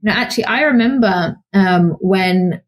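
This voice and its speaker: Women mulher britânica, animada, contando histórias. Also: female voice, mid-range voice, moderate pace. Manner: animated storytelling, acts out quoted voices. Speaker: podcast co-host, psychologist. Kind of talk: casual podcast conversation.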